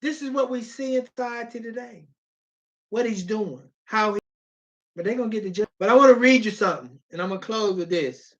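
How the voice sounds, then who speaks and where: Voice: mid-range voice, a little fast. Preacher, mid-range voice, pleading and emphatic, reads scripture, muffled home-video audio. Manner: emphatic, pleading, with repeated phrases and bursts of shouting. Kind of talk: sermon with scripture reading.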